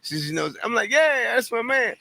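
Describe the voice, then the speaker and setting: Male comedian guest, high lively delivery, gravelly, storytelling with shouted bursts. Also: fast. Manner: loud, swings from mutters to shouted punchlines. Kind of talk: animated storytelling.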